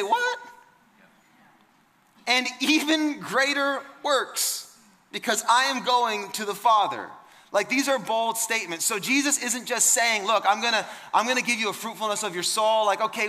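A man preaching with a bright, forceful voice that rings out through a reverberant church hall. His delivery is emphatic and conversational, full of quick repeats and restarts as he presses his points. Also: high voice. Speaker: pastor. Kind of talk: sermon.

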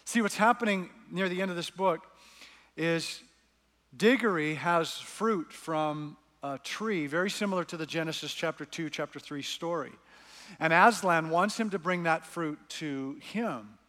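Earnest pastor preaching in a reverberant hall. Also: male voice, on the high side, unhurried, a bit bright. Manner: earnest storytelling, reads scenes aloud. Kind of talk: sermon.

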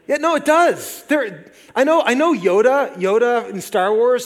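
A man in his forties preaching a sermon as pastor, lively and conversational with jokey asides. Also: extremely high pitch, unhurried. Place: church sanctuary. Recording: long reverb of a large hall.

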